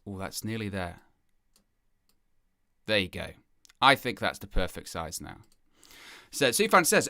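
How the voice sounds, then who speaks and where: Bright-voiced chatty young male streamer. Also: mid-range voice, big pitch swings, unhurried, long pauses, dry recording, studio quality. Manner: chatty, rambling, self-deprecating, repeats phrases. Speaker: host of a football fan live stream. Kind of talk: casual live-stream chat.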